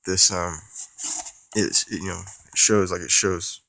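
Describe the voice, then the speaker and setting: Low gravelly man with a stuffy nose. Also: fairly even intonation, a little slow, bright, forceful tone. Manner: casual and profane, rambling with restarts. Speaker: movie collector vlogger. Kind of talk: casual unboxing vlog.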